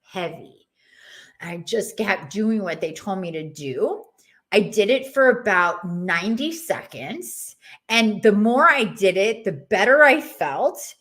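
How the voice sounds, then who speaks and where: Expressive woman telling a personal story. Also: slow pace. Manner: casual, expressive, acts out voices she heard with shifts in pitch and loudness. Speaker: podcast guest.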